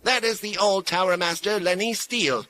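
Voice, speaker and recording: A man voicing an imperious, ageless female mage who speaks with sharp authority and sly sweetness. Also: high voice, normal speed, slight background noise, voice pushed up. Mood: commanding. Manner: commanding and sly.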